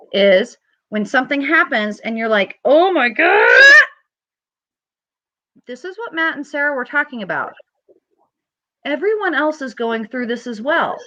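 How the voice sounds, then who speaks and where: A woman hosting an astrology show, chatting casually and telling animated stories with acted-out quotes. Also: on the high side, no room sound, muffled recording. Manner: animated storytelling, acts out quotes in a rising voice.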